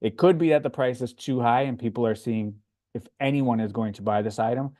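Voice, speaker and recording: With a mid-range voice and a Floridian accent, a man hosts a casual livestream Q&A, answering chat questions comfortably. He sounds relaxed and conversational, often hesitating with "um" before he answers.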